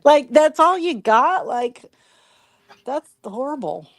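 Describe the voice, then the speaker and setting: A woman co-hosting a podcast in casual chat, blunt and profane, chiming in with quick remarks. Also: high-pitched, big pitch swings, no echo. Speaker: podcast co-host.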